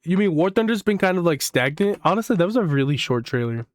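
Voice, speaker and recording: A young man reacting to videos in a casual, rambling way, his pitch swinging up and down as he gets hyped. He swears freely and fills his talk with "like." His voice sits a little higher than most men's and sounds dry and close to the mic. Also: fast, dry recording. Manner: excitable, swears, rambles with lots of "like". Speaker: gaming YouTuber.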